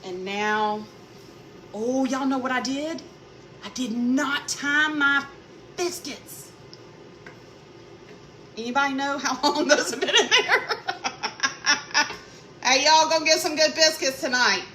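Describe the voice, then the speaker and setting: A talkative woman with a drawl tells stories as she cooks in her home kitchen and greets live viewers by name. Her voice sits a little high, and a steady noise runs behind her. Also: slow pace, pauses often. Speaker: cooking vlogger. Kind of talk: casual live-stream chat while cooking. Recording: noisy background.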